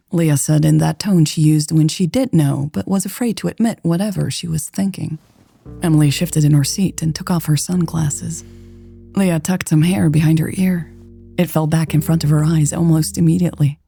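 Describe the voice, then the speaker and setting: A woman narrating a romance story in a steady, unhurried scripted reading. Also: low voice, creaky, faint music behind. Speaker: audiobook narrator.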